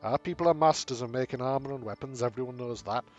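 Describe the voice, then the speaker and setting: A man's voice: mid-range voice, quick pace, darkish tone, muffled recording, lightly acted. A man voicing a proud young male dwarf warrior who talks earnestly and boastfully about his clan, for a game.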